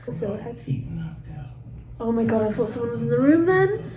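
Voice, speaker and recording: A woman's voice: on the high side, animated, moderate pace, heavy background noise. Chatty congested young British woman. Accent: British English. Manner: chatty, self-mocking, swears casually. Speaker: vlogger. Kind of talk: casual rambling vlog talk. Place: resort hotel room. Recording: echoey room with faint ambience.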